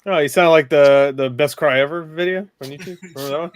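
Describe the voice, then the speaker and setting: A man's voice: on the high side, fast, no room sound, studio quality. A young man co-hosting a casual live-stream chat, teasing his friends in a playful way. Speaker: stream co-host.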